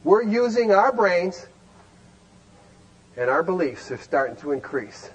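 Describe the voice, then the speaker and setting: A man lecturing a recovery group with great energy, his voice pitched unusually high. He keeps asking the room rhetorical questions and breaks into shouts to drive points home. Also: sing-song, measured pace, low-quality recording. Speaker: recovery program speaker.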